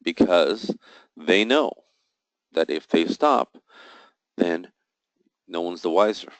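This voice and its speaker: A man's voice: sits low, animated, slow, no echo, poor audio. A man teaching a live trading session, walking through charts step by step, posing questions and answering them himself, with emphatic, jokey asides. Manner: explains step by step, asks and answers his own questions. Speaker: trading instructor.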